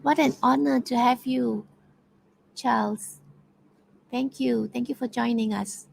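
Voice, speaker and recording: In this interactive online workshop, a Malaysian-accented woman runs a poetry quiz, cheering students on with lots of fillers and false starts. She speaks slowly in a slightly high, gravelly voice with a darkish tone and steady delivery. The rough recording has a bit of background noise.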